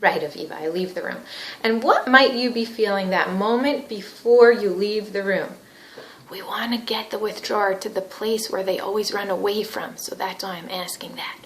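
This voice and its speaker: A woman's voice: mid-range voice, steady tone, normal speed, slight background noise. Woman therapy trainer demonstrating a session. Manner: explanatory, validating, gently probing. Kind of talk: teaching demonstration with role-play. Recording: echoey room.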